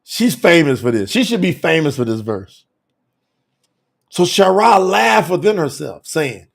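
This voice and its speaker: High-voiced, lively man teaching scripture. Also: measured pace, creaky. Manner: animated, colloquial, laughing, calls out viewers by name. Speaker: bible teacher. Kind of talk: excited scripture teaching on a livestream.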